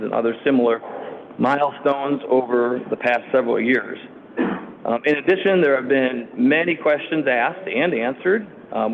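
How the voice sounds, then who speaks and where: Man presenting with a gravelly, tinny sound. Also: medium pitch, a little hiss or hum. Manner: steady with frequent ums and uhs. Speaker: city staff presenter. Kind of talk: formal presentation to a council committee. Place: council meeting room. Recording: tinny lo-fi meeting audio.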